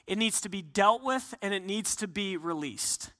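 A man's voice: high voice, expressive, normal speed, bright, forceful tone, big-room sound. A man putting on a smug scheming devil. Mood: gloating. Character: scheming devil gloating over a quarrel.

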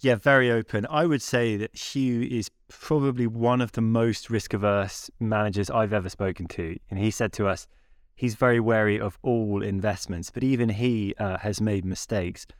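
A man hosting a podcast in casual chat, relaxed and easygoing as he introduces segments. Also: fairly low pitch, normal speed, dry recording, clean studio sound. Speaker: podcast host.

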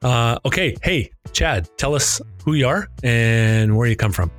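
A man's voice: mid-range voice, lively intonation, unhurried, soft background music. Joking male podcast host. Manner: joking, teasing banter. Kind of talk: casual podcast conversation.

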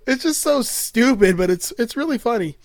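A man's voice: extremely high pitch, lively intonation, moderate pace. A man recapping a movie in casual chat, crude and full of fillers, often laughing. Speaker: podcast host recapping a film.

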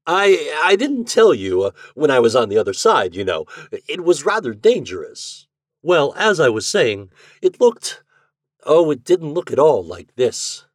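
A man reading aloud voices a gentle young husband in a storybook tale, who talks hurriedly and stammers. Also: mid-range voice, lively intonation, normal speed, hardly any pauses, no echo, studio quality, pitched above the performer's own voice, lightly acted. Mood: flustered. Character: gentle newly married man, boastful and flustered.

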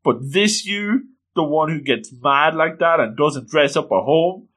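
An earnest, blunt teenage schoolboy with a gentle, lively delivery, as a man voices him while reading a comic aloud. The voice sits a little higher and brighter, frank and unhurried.

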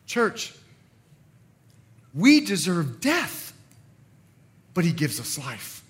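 Animated high-voiced male pastor preaching. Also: extremely slow, husky. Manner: animated, playful, acts out quotes. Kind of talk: sermon. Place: church service.

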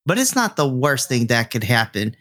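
A man narrating a tabletop game as game master. His delivery is animated and his pitch rises and falls freely, and he laughs often while he talks. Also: normal speed.

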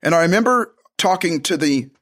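A man with a fairly high speaking voice tells a long personal story in a relaxed, conversational way. He rambles, restarts his sentences and keeps breaking off for side remarks. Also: brisk. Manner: rambling, with frequent restarts and asides. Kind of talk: casual spoken storytelling.

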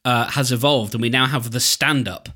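A man in casual chat, telling stories in a lively way with many restarts. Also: medium pitch, normal speed, husky.

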